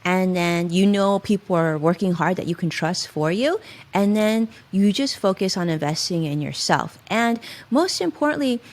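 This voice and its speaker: A middle-aged woman, a financial advisor, giving emphatic and expressive advice as a guest in an interview. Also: mid-range voice, moderate pace. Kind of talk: interview conversation.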